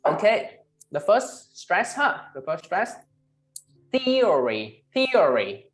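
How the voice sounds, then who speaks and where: A male English teacher with a Vietnamese accent leads an online class. He models each word slowly and tags most phrases with "right?" or "huh?". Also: high-pitched, lively intonation, a bit bright, soft background music. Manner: ends phrases with tag questions "right?" and "huh?"; slow, emphatic model pronunciations. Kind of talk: online class, pronunciation drilling.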